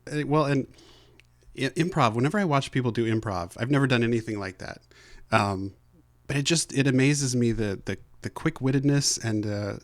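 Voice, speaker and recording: A man's voice: medium pitch, no room sound. Male interviewer, fumbles toward his questions; dry, close recording. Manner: halting, searching questions with many restarts.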